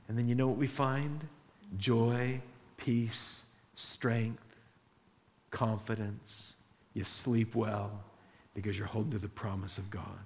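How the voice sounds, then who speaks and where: A man preaching a sermon, acting out the prayers of believers and of a king in quick little voices as he teaches. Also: a little high, lively intonation. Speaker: pastor. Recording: roomy echo.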